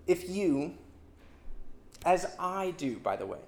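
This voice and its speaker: A preacher giving a sermon in an expressive, emphatic manner, with dramatic swings between loud and soft delivery. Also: medium pitch, takes it slowly, slight background noise. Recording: roomy echo.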